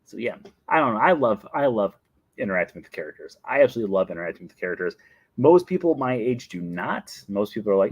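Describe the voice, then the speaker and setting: A man's voice: on the low side, very animated, quick pace, dry recording, dull audio. A young man hosting a casual show where he answers viewer questions. He talks in a chatty, rambling way and laughs often. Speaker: host.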